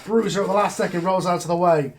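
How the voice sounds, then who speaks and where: A man acting as game master, narrating wrestling moves with excited play-by-play. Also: sits high, fast, a loud crowd.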